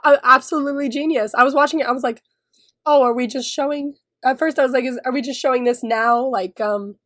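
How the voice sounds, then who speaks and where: A woman co-hosting a podcast, gushing excitedly about a drama's finale in casual chat and swearing freely. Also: sits high, fast, no room sound, clean studio sound. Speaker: podcast co-host.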